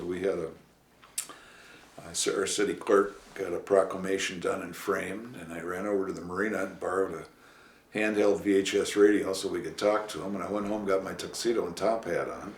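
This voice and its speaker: Brief: low-voiced male interviewee, rambling storyteller, roomy echo, light hiss. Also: fairly even intonation. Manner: rambling, with many "uh" pauses. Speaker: interviewee, former city official. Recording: echoey room, faint hiss.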